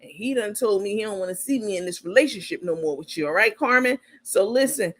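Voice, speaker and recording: A woman voicing a brash, bossy woman who talks loud and blunt on the phone. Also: mid-range voice, animated, quick pace, close to an everyday voice. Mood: sassy.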